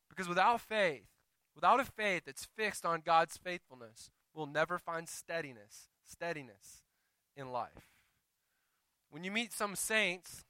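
A man preaches a sermon in a voice that rings high and very bright. His tone is smooth and clear, caught close and dry with almost no room sound. He swings from loud, emphatic calls to quiet, hushed asides, slipping into the voices of his listeners. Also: no room sound, low-quality recording. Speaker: pastor.

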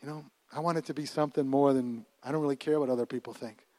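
A middle-aged man preaching a sermon as pastor, animated and laughing often, dropping to a hush and then rising loud, often repeating his words. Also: mid-range voice, quick pace, no echo.

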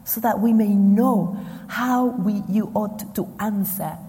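Slow, emphatic woman preaching in a hall. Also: medium pitch, dark tone, a little hiss or hum. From Argentina. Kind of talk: sermon. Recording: long hall reverb.

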